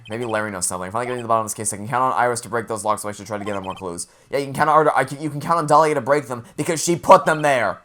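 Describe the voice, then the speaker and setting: A man's voice: lowish voice, a bit bright, a little hiss or hum. Sarcastic man voicing a game. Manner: blunt, sarcastic and easily riled. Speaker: let's play gamer. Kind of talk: reading a game aloud and commenting.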